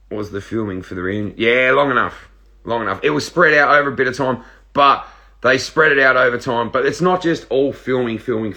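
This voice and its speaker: An Australian man in his thirties, casually reading viewer questions out loud and answering them in a laid-back, joking way. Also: fairly low pitch, vocal fry. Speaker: reality show contestant answering live viewer questions. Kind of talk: casual live-stream Q&A.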